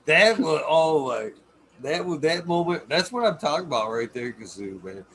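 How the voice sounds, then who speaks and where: A man's voice: on the high side, animated, moderate pace, a bit bright, slight background noise. A man hosting a casual podcast chat, telling loose, profane stories and laughing, running a stream with a chat. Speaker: podcast host.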